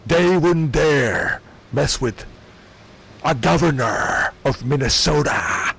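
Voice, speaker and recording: A man doing a comedic impression of a boastful older tough-guy ex-wrestler politician, in a slow, gravelly drawl. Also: fairly high pitch, lively intonation, a bit bright, full character voice. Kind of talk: comedic impression while gaming.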